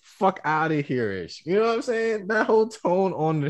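A man co-hosting a podcast in casual banter, animated, acting out phrases in different tones and laughing often. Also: sits high, moderate pace. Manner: animated, acts out phrases with shifting tone; laughs often while arguing.

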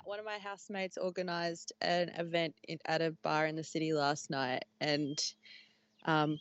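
A woman's voice: deep voice, clear, resonant tone, dry recording, lo-fi sound. Laughing young woman telling a story. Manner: rambling storyteller, laughs often, acts out quoted lines. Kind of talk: casual chat.

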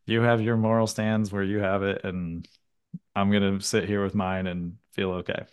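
A man with a lowish voice hosts a relaxed podcast conversation. He tells lively anecdotes, acting out what others said, with casual swearing. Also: normal speed, smooth. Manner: animated storytelling with acted-out quotes and casual swearing. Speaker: podcast host. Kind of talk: casual chat.

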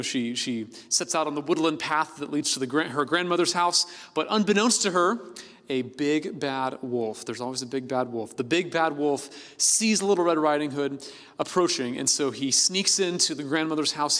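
A man's voice: fairly high pitch, moderate pace, a bit bright. A male pastor giving a sermon in a conversational, playful way, with plenty of fillers. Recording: long reverb of a big hall.

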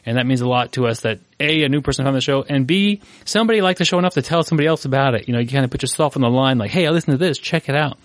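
A man co-hosting a podcast in a relaxed, chatty way, teasing his partner. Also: mid-range voice, racing, hardly any pauses, no room sound. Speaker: podcast co-host. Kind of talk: casual podcast chat.

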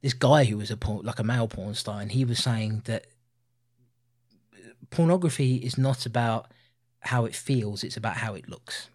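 A man in his thirties co-hosting a casual film review podcast, animated and laughing often. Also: mid-range voice, moderate pace, pauses often. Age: 30s. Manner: animated, laughing, puts on voices for quotes. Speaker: podcast co-host.

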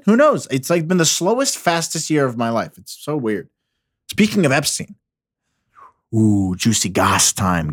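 A man's voice: mid-range voice, no echo, clean studio sound. A man hosting a casual solo podcast, ranting about the news with heavy profanity and rambling restarts. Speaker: podcast host.

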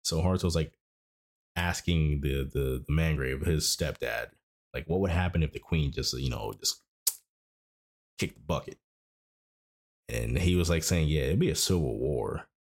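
A man's voice: a bass voice, normal speed, creaky, long pauses. A man casually recapping an anime episode, rambling and correcting himself as he goes. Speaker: anime podcast host.

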